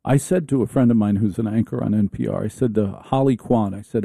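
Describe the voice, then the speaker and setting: A male talk-radio host on a comic rant, sarcastic and rambling, stumbling and restarting as he riffs. His tone is deep and mellow. The studio sound is dry and close. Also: fairly quick, gravelly, hardly any pauses, slightly rough, no echo.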